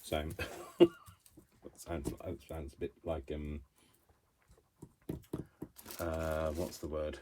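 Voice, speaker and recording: A man's voice: a bass voice, little pitch movement, drawn-out words, pauses often, background noise. A man chatting while he crafts in his home craft room, rambling and poking fun at himself as he works. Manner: rambling, self-mocking, talks to himself while working. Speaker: craft vlogger.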